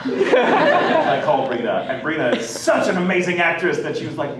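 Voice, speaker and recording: A man telling a story at a fan convention panel, laughing often as his high voice jumps all over the place. He is picked up from far off in a big, echoey hall, with a loud crowd behind him. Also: moderate pace. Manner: laughing, excitable, acts out quotes. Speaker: voice actor guest on a convention panel.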